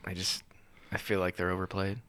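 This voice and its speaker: A man's voice: low-pitched, completely flat delivery, a little fast, a bit bright, dry recording. A man in casual chat, chiming in with short reactions and wry asides.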